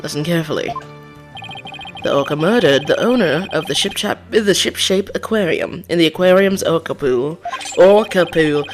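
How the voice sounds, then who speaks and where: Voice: mid-range voice, animated, normal speed, lightly acted. A streamer voicing a haughty male prosecutor in a fake British accent while reading game dialogue aloud, with game music behind. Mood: solemn. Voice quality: pompous, formal.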